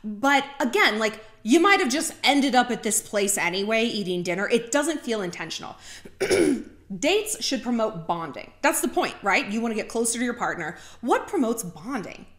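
Talkative woman host giving dating tips, fairly high voice, roomy room sound. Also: moderate pace. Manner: talkative, heavy use of "like", animated asides. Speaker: vlogger giving dating advice. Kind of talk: casual chatty monologue. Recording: roomy echo.

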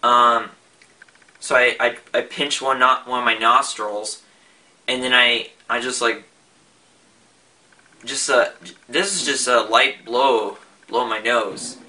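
A man's voice: mid-range voice, fairly even intonation, takes it slowly, long pauses, pushed and bright. A young man talking casually in a vlog, rambling with frequent restarts and fillers. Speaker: vlogger. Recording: voice a bit far from the mic.

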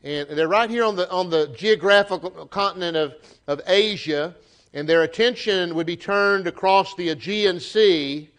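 A man with a Southern US accent preaching a sermon to his church, folksy and animated, often restarting his phrases. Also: high voice, normal speed. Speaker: pastor. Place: church sanctuary.

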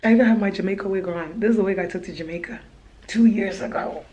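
A woman's voice: mid-range voice, fast, mellow. A young woman chatting casually to camera in a vlog, gushing and laughing often. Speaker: vlogger.

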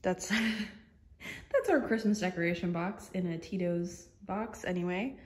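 A young woman vlogs from home and from her car, speaking in a fairly low, slightly mellow voice at a measured pace. She's chatty and nervous, leaning on lots of fillers like "um" and "like" in this casual vlog chat.

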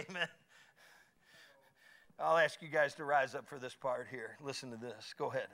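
A middle-aged man preaching a folksy sermon, swinging from quiet asides to loud exclamations. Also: medium pitch, normal speed. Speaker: pastor.

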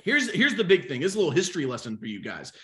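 A young adult man coaching insurance agents in a live webinar, energetic and talking straight to the chat. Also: on the high side, rapid-fire. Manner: energetic, animated, talks to the chat.

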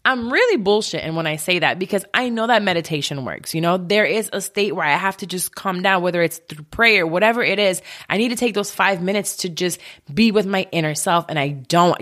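A woman in her mid-thirties speaks on her own podcast, her voice sitting on the low side. She talks candidly and confessionally, emotional and open, letting the odd swear word slip. She records from her home office. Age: 30s. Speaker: podcast host. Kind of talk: candid solo podcast monologue.

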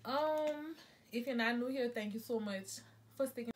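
A young vlogger from New Orleans, USA, tells her viewers a rambling, chatty storytime from home, correcting herself along the way. Her voice is fairly high and moderately paced, with a little hiss or hum in the background.

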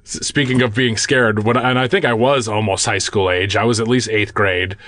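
A man's voice: on the low side, moderate pace, a little hiss or hum. A man co-hosting a casual podcast chat, joking and stumbling over his words. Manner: animated, joking, stumbles and laughs. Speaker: podcast co-host.

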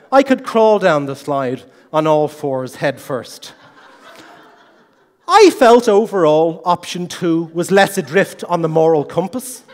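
A middle-aged man giving a humorous competition speech, an animated, self-mocking storyteller, in a large hall. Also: a little high. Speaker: contest speaker. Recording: long hall reverb.

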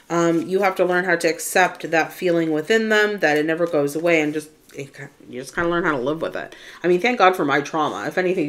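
A woman giving a casual, chatty tarot reading to her viewers. She often checks in with "right?" and addresses the listener as Divine Feminine. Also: low-pitched. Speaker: spiritual tarot reader.

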